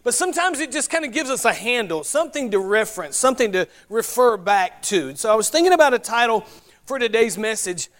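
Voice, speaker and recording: A man's voice: very high voice, big pitch swings, quick pace, a bit bright. A man with a Southern US accent from North Carolina, preaching a sermon in a folksy, chatty way, with asides and spelled-out words. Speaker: pastor.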